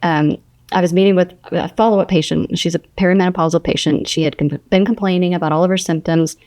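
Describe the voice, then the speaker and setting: A middle-aged woman, a nurse practitioner, chatting on a podcast and telling patient stories with lively quoting. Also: fairly low pitch, fast talker. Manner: storytelling, animated quoting of patients. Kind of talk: casual podcast chat.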